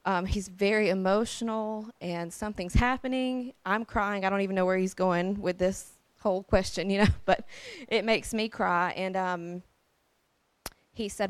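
A woman's voice: medium pitch, steady tone, brisk, clear, resonant tone, no echo. A young woman telling her personal faith story in a casual, earnest way, with frequent fillers and restarts.

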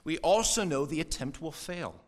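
Animated preacher, somewhat high voice. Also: male voice. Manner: animated, conversational preaching with quick asides; puts on brief mock voices for quoted people. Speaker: pastor. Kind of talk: sermon.

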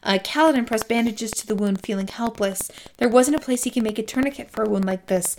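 A woman's voice: fairly high pitch, quick pace, a little hiss or hum. A woman co-hosting a casual podcast, recapping a book chapter with lots of "um" and "like" and quoting the characters as she goes. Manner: retells scenes with acted quotes, many fillers.

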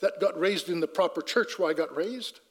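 High-voiced man telling a testimony. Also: moderate pace, in a large hall. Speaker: speaker giving a personal testimony. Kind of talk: conversational storytelling testimony.

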